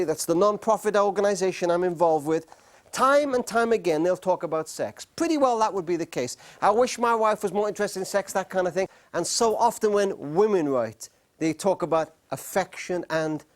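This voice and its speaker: A middle-aged man with a notably high voice tells stories to a live audience. He speaks earnestly and slows down on key words, leaving pauses for weight. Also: animated. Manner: earnest, with slow emphatic pauses. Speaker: speaker on marriage. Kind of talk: storytelling talk to a live audience.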